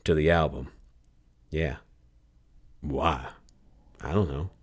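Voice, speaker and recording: A man voicing an excitable, curious young woman in an audiobook. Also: rumbling low, slow pace, slightly rough, full character voice. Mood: eager. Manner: eager, rising excitement.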